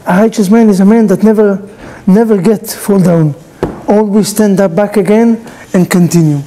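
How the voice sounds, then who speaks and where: A man's voice: sits high, steady tone, moderate pace, mellow, a little hiss or hum, low-quality recording. A male rabbi giving a sermon in non-native English, animatedly telling a story and acting out its dialogue.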